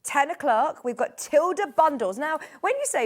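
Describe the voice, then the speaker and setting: A woman's voice: high-pitched, lively intonation, moderate pace. A middle-aged woman presenting a live TV shopping show in a studio, chatty and enthusiastic as she gushes over products.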